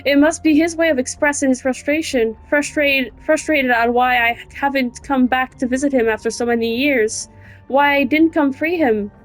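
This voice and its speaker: A woman's voice: sits high, moderate pace, voice pushed up, natural voice, rough recording. Woman voicing grieving young woman, pleading, emotional, game dialogue read aloud, faint music behind. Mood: distraught.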